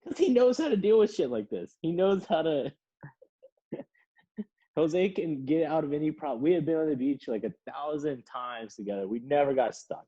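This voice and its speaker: A man's voice: on the high side, lively intonation, moderate pace, mellow, husky, dull audio. A man casually telling a long, rambling story on a podcast, laughing and swearing.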